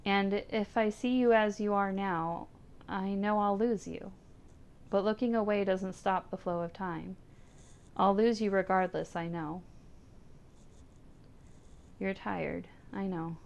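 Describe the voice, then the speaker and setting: A woman reading aloud as a grieving woman saying goodbye to her old cat, in a soft, tender, pleading way. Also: medium pitch, steady tone, slow, creaky, long pauses, highs cut off. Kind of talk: reading visual novel text aloud.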